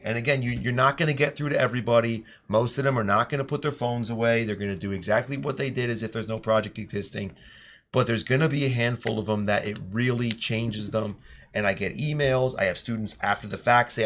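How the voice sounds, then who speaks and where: A man and teacher telling classroom stories in an earnest, animated podcast chat. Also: medium pitch, moderate pace. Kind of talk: casual storytelling chat.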